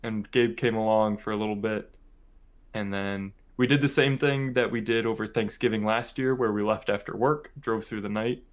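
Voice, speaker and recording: A man's voice: on the low side, moderate pace. Rambling young man telling a story. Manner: rambling, full of "like" and "um", animated when telling a story. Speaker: podcast co-host. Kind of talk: casual storytelling chat.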